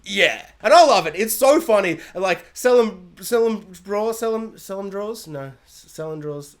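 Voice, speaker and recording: Animated reviewer ranting jokily. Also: medium pitch, normal speed. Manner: animated and jokey, acting out characters in silly voices. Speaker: TV show reviewer. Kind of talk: comedic spoiler review rant.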